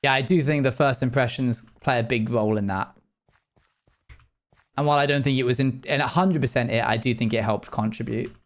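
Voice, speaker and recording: A man's voice: mid-range voice, fairly even intonation, fairly quick. A young man streaming live, chatting casually with his viewers while he plays, rambling and often restarting his sentences. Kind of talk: casual livestream chat while playing.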